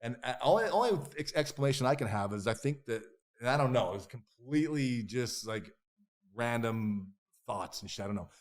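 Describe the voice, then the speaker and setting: A man telling stories as a podcast guest, animated and profane, acting out what others said in bursts. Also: medium pitch, moderate pace. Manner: animated, profane, acts out quoted voices. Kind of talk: casual interview storytelling.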